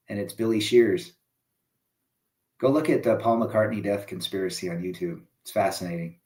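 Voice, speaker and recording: A man's voice: mid-range voice, a little mellow. A man hosting a casual live stream, reading viewer comments aloud and answering with blunt opinions. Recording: echoey room.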